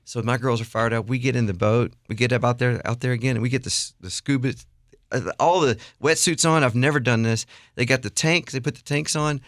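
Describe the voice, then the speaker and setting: A middle-aged man, a guest songwriter and worship leader, telling an animated, self-deprecating story with frequent restarts. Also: mid-range voice, brisk, dry recording, clean studio sound.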